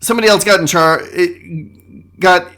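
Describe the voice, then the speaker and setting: A man's voice: high voice, a little slow, sharp tone. A man hosting his own podcast, delivering a comedic monologue with sarcastic, mock-boastful asides. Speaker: podcast host.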